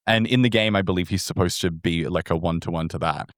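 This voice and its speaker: A man co-hosting a podcast, talking bluntly in a lowish voice. He is sarcastic and swears freely. The sound is dry and close-miked. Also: quick pace, no room sound. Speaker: podcast co-host. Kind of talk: casual chat.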